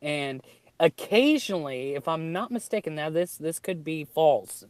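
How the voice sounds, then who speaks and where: A man's voice: on the high side, animated, a little slow, dry recording. A man from the United States hosting a casual chat, rambling with many ums and hedges. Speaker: host.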